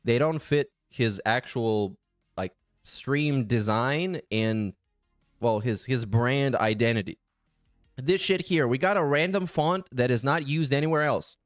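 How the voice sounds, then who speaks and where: A man's voice: mid-range voice, lively intonation, a little slow, no room sound, clean studio sound, soft background music. A man hosting a casual reaction commentary, sarcastic, profane and exasperated. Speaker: commentary channel host.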